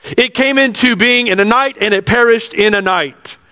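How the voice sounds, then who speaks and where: A man's voice: very high-pitched, normal speed, sharp tone. A pastor preaching a sermon in earnest, repeating his phrases and asking the congregation questions. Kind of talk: expository sermon. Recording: long hall reverb.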